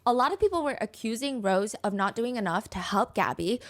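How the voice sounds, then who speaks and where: A woman's voice: on the high side, lively intonation, brisk. A woman hosting a true crime podcast, retelling a case in a chatty style full of "like" and asides. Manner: chatty, filler-heavy retelling.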